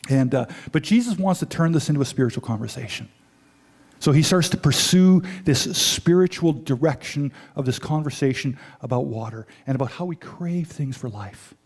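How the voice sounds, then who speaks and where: A man preaching a sermon, retelling a story in lively, paraphrased dialogue with frequent asides. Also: mid-range voice, normal speed. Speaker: pastor.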